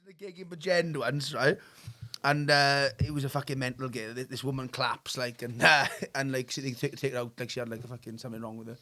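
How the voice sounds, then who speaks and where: A man's voice: medium pitch, fairly quick. A man hosting a podcast, telling rowdy comic stories with lots of swearing and laughter. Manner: swearing, laughing, animated storyteller. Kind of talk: casual pub chat, comic storytelling.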